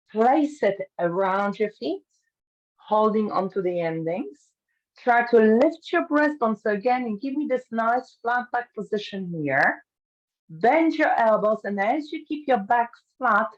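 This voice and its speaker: Woman, pilates instructor, calm step-by-step cues, medium pitch, slightly muffled recording. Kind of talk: guiding an online fitness class.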